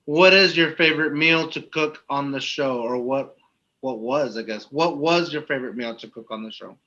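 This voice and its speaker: A man's voice: mid-range voice, normal speed, sharp tone, lo-fi sound. A young man co-hosting a podcast, joking around and reading out listener questions in casual chat. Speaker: podcast co-host.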